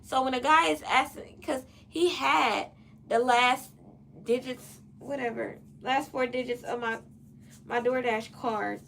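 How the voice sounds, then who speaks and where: A woman with a bright, slightly gravelly voice hosts her podcast from a chair in her own room. She tells a story casually to her listeners and gets animated, acting out both sides of phone calls herself. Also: sits high, measured pace, a little hiss or hum. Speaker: podcast host.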